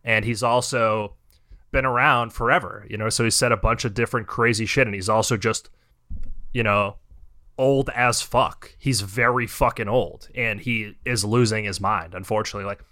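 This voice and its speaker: Young man, podcast host, bright tense voice, profane ranting, casual chat. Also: on the low side, steady tone, normal speed.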